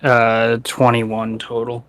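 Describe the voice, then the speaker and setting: A man in a casual tabletop game thinks aloud, slowly deliberating over what his character will do. His mid-range, fairly bright voice is completely flat in delivery.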